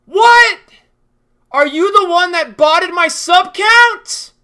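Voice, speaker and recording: A man putting on a mocking voice of a whiny, indignant male rival video maker who shouts in shrill outrage. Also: slow pace, full character voice. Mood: indignant shouting.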